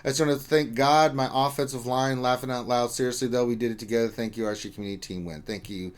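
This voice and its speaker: A man's voice: mid-range voice, steady tone, fast. A man co-hosting a casual gaming livestream, reading viewer comments aloud in a loose, joking way with some mild swearing. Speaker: livestream co-host.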